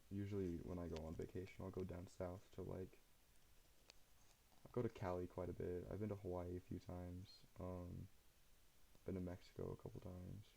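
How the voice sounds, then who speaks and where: A tired young man from Utah, streaming late at night and chatting casually with viewers in a relaxed, rambling way. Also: low-pitched, normal speed, gravelly, a little hiss or hum, rough recording. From Utah, USA. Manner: relaxed, rambling, laughs often.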